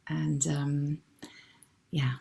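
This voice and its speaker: A middle-aged woman hosting a live online wellbeing session, gently and affectionately reading out viewers' comments and replying to them. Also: low voice, level tone, extremely slow, creaky. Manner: gentle, affectionate, calls people darling.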